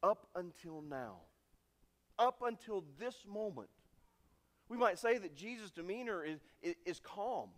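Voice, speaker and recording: A man preaching a sermon with dramatic swings from loud, emphatic lines to hushed endings. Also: high-pitched, expressive, measured pace. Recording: long reverb of a large hall.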